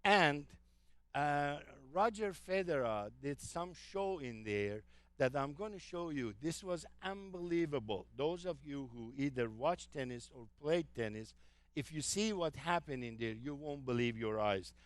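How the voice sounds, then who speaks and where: A man's voice: a little high, lively intonation, measured pace, no room sound. A man giving an enthusiastic travel talk to a live audience, telling anecdotes with frequent fillers. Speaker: travel presenter.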